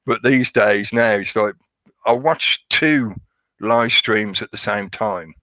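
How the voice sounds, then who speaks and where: Guy rambling on his stream, sarcastic, laughs a lot, lowish voice. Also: slow pace, pushed and bright, no room sound. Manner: chatty, sarcastic, laughs often. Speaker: live stream host. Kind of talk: casual rambling commentary.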